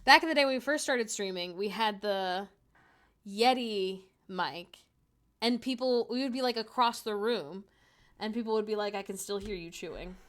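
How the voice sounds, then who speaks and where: A woman's voice: on the high side, moderate pace, fairly bright tone. A young woman chatting casually on a livestream from home, joking and laughing often at herself. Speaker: streamer. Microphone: desk microphone.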